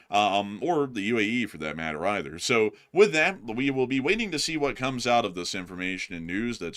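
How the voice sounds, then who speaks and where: A man's voice: lowish voice, a bit bright. A man co-hosting a casual news commentary livestream, blunt and exasperated. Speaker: co-host.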